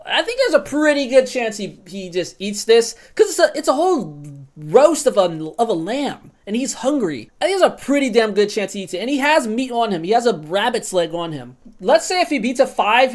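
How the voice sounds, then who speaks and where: A woman's voice: on the high side, very animated, fairly quick. A woman streamer giving casual, profane commentary while roleplaying a video game. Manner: chatty, swears freely.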